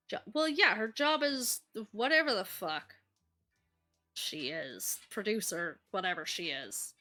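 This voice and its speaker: A woman streamer commenting casually on a dating game, animated and reacting out loud, swearing freely. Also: mid-range voice, a little slow, soft background music.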